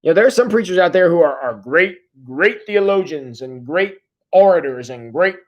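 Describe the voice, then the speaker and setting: Joking conversationally through a livestream sermon at his church, a pastor reads out viewer comments and keeps halting to restart his sentences. He speaks at medium pitch, expressively, on lo-fi sound.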